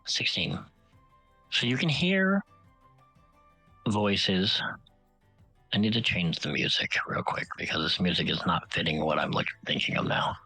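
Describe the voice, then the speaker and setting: A man's voice: low-pitched, a little slow, long pauses, slightly rough, faint music behind, poor audio. A man running a tabletop game, narrating casually with many fillers. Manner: relaxed, filler-heavy, improvising. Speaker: game master.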